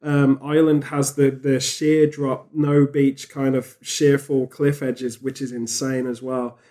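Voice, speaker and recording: A man chatting on a podcast, rambling and animated, with frequent restarts. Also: medium pitch, a little slow. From England. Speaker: podcast host. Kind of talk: casual podcast chat.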